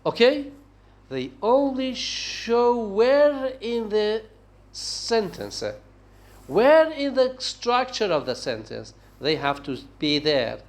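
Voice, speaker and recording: A man giving a university linguistics lecture, talking haltingly and often checking in with "okay?". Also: high voice, sing-song. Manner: slow, halting delivery with frequent "okay?" checks and restarts.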